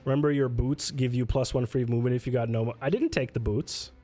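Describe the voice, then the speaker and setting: A man's voice: medium pitch, steady tone, quick pace, dark tone, soft background music. A man casually playing through a solo tabletop game on stream, reading rules aloud, answering chat and laughing often. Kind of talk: casual livestream play-through.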